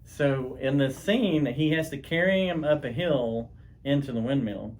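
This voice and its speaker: A man's voice: mid-range voice, measured pace, a little mellow. A man co-hosting a home podcast, telling stories in a rambling, chatty way with many restarts. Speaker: podcast co-host. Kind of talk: casual chat.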